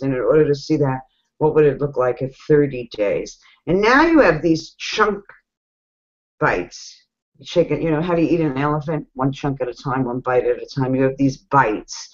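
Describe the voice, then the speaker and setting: A woman with a New York accent giving casual coaching advice, chatty and animated, laughing often. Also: sits low. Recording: dull lo-fi sound.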